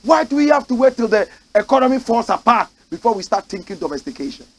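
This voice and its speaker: Fiery raspy Ghanaian man ranting. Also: very high-pitched, big pitch swings, fast, low-quality recording. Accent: Ghanaian English. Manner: fiery, swings between shouting and muttering. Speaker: political commentator and host. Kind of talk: impassioned talk-show commentary. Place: studio.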